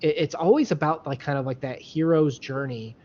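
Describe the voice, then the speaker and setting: An eager man co-hosts a book chat, slightly higher-pitched than most, tossing in quick asides and laughter. The audio is dull and lo-fi, with a faint hiss behind him. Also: darkish tone. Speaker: book video co-host. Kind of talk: casual book discussion.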